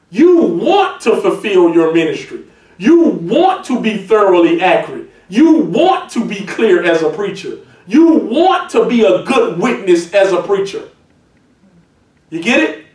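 A man preaching a sermon as a pastor, emphatic and building to shouted points. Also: high-pitched, very animated, a little slow. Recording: echoey church heard from a distance.

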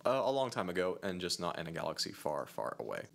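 Deep-voiced and creaky, a male podcast co-host talks quickly and energetically in a casual chat, including a long passage he reads aloud. A faint hiss or hum sits under the audio.

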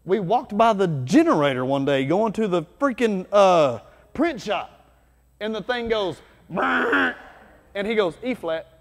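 Energetic man preaching in a reverberant hall. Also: high voice, normal speed. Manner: energetic, conversational preaching with sudden loud bursts. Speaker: pastor. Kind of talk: sermon. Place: church hall.

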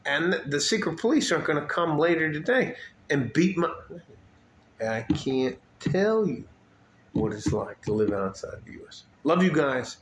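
A man's voice: a little high, lively intonation, normal speed, reverberant, noisy background. Blunt, profane man in his fifties. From United States. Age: 50s. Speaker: vlogger. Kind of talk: unscripted rant to camera.

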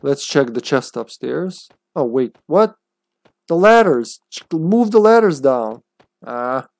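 A man's voice: medium pitch, very animated, takes it slowly, creaky, a little mellow, no echo. A man chatting playfully and laughing as he plays a game on a live stream.

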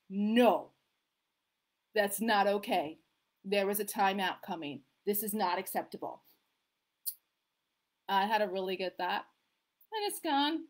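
A middle-aged woman giving a casual, animated talk to viewers as a family mediator, acting out parents' voices now and then. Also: medium pitch, unhurried, pauses often. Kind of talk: live video talk to viewers.

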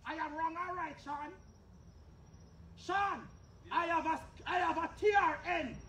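A man from Jamaica with a Jamaican Patois accent, loudly ranting and cursing in a combative video monologue, often breaking into shouts. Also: very high voice, steady tone, unhurried, a little hiss or hum. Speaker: online personality.

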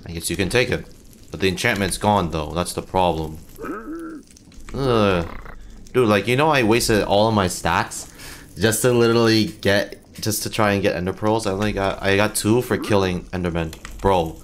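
Brief: young male gamer, lowish voice, loose foul-mouthed running commentary, faint game noise under it. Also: moderate pace. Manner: frustrated, swears a lot, yelps at hits. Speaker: gaming channel host. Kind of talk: casual gameplay commentary.

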